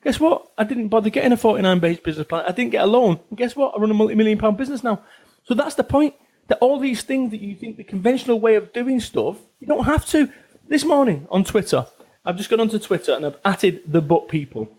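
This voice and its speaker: Pitched high and fast, with lively intonation and a darkish tone, this man speaks with a Salford accent from Northern England. He's a business author in his forties, chatting casually as a podcast guest, blunt and sweary, repeating phrases for emphasis.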